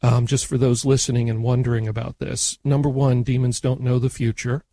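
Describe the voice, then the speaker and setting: A man hosting a talk radio show, answering a caller in a measured, explanatory way. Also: medium pitch, little pitch movement, creaky, dark tone, no echo. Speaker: radio host.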